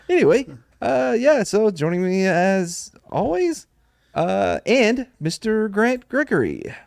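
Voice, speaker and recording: A man's voice: high-pitched, big pitch swings, slow, gravelly, long pauses, a little mellow, dry recording. Male podcast host, young, jokey and rambling, dry close mic. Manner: joking, rambling, laughs often. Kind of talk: casual chat.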